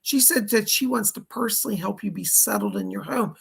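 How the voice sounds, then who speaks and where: Man, psychic medium, live stream host, very gravelly, rough and raspy. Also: sits high, animated, a little fast, a bit bright. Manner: chatty, relays spirit messages, thanks viewers by name. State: dry throat, hoarse.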